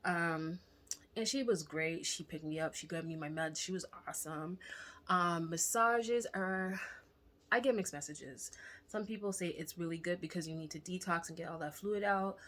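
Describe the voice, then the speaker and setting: A young woman telling a candid personal story to camera in a chatty, animated way, sometimes dropping to a whisper for asides. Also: fairly low pitch, normal speed. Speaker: vlogger.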